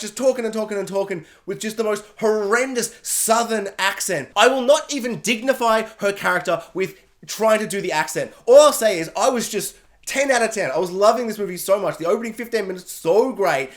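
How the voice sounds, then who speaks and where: A man giving a casual, animated film review, emphatic and exasperated. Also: high voice, a little fast.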